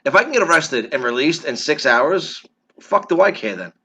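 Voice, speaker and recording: A man's voice: on the high side, very animated, normal speed, bright, forceful tone, slightly rough. A man with a New York accent co-hosting a podcast, ranting bluntly with plenty of swearing. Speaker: podcast co-host. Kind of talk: casual opinionated chat.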